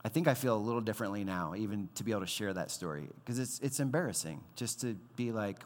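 Animated male pastor in a reverberant hall. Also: mid-range voice, a little fast, hardly any pauses. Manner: animated, conversational, acts out quoted voices, many fillers. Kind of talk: sermon.

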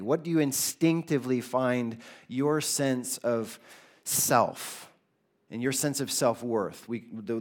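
Guy preaching a sermon in church, earnest, voice goes up for the big points and drops low on the quotes. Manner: earnest preaching, voice rising for emphasis and dropping low for quoted lines. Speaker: pastor.

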